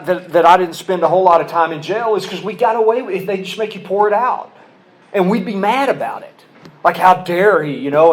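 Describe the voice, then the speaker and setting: A man from Oklahoma telling his story at a recovery meeting, candid and self-deprecating with humor, at a podium mic. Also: a little high. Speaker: AA speaker.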